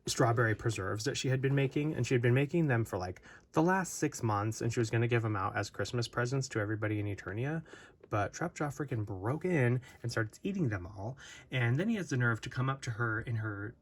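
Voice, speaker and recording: Rambling man at a phone camera. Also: mid-range voice. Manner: rambling, playful, many fillers and restarts. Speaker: toy reviewer. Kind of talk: casual unboxing commentary.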